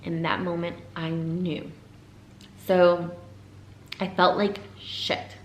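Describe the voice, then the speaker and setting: A young woman recounts a painful personal story to camera, her lowish voice halting and emotional, now and then sinking into a whisper. The room around her is echoey, with a faint hum of ambience behind. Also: little pitch movement. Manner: emotional, pausing, voice breaking into whispers. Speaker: vlogger.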